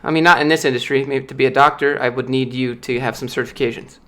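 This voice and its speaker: A man's voice: mid-range voice, fairly even intonation, fast, a bit bright. A man chatting casually on a live stream, telling loose, filler-heavy anecdotes. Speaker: streamer answering viewer questions.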